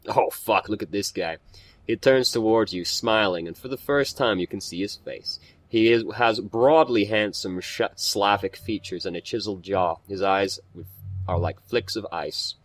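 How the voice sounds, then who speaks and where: A man's voice: low-pitched, normal speed, dry recording. A man hosting a let's play, chatting casually, swearing, and reading game text aloud while stumbling over some words.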